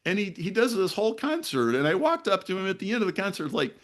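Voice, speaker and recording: A man leads a group discussion and tells a long personal story in a lively, animated way. He switches into the voices of the people in his story as he goes. His speaking voice sits a little higher than most men's. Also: a little fast, vocal fry. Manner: animated, acts out other people's lines in the story. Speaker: discussion leader. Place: online video meeting.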